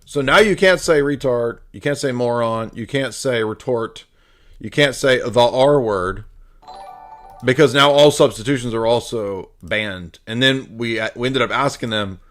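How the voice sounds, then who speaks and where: A man's voice: mid-range voice, moderate pace, a bit bright. A man giving casual live-stream commentary on a debate, mocking and sardonic in tone.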